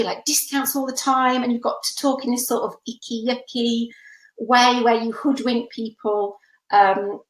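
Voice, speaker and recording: A woman's voice: on the high side, fairly bright tone, echoey room, low-quality recording. A woman giving a webinar workshop over a webcam, chatty and encouraging with frequent fillers. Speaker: workshop presenter. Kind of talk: webinar teaching talk.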